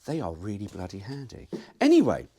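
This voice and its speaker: A man's voice: on the low side, wildly swooping pitch, brisk, dark tone, slightly rough. A man talking casually to camera about working on his car, rambling and jokey with the odd swear word. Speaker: car vlogger. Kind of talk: casual workshop chat to camera.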